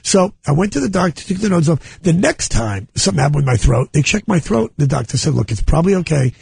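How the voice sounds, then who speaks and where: Gravelly, fast-talking middle-aged man. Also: on the high side, sing-song, darkish tone. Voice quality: gravelly, worn voice. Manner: fast, rambling, self-interrupting. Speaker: comedian guest. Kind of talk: casual radio banter.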